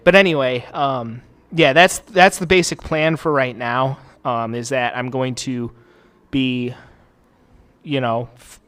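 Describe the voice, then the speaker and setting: A man at home talks over a racing game for his channel in an unscripted, meandering way. His pitch sits mid-range for a man, and he swears freely while joking at his own expense. Fillers and restarts run all through his talk. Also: moderate pace, pushed and bright. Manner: rambling, profane and self-deprecating, many fillers. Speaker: gaming channel host. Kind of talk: casual gameplay commentary. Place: home recording space.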